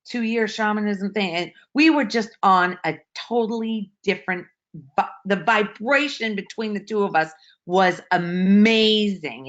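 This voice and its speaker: A woman shares a personal story in casual, emotional bursts, often stopping and restarting mid-sentence. Her voice sits in an ordinary middle pitch. The audio is dull and lo-fi, like an online call. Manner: emotional, breathless retelling with many restarts. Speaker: participant sharing a story.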